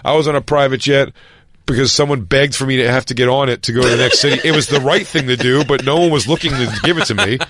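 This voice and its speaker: A man's voice: medium pitch, fast. A man telling profane comic road stories in casual podcast chat, acting out the quotes. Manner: profane, animated storytelling with acted-out quotes.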